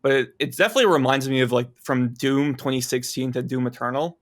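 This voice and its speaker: A man's voice: medium pitch, fast talker. A man in casual podcast chat, easygoing, talking with lots of filler words. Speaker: podcast guest.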